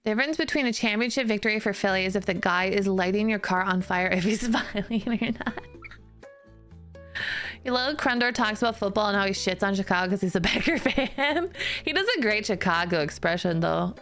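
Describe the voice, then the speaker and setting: A woman's voice: medium pitch, brisk, a bit bright, soft background music. A woman streamer chatting casually with her viewers in a giggly, self-deprecating way, often restarting her sentences.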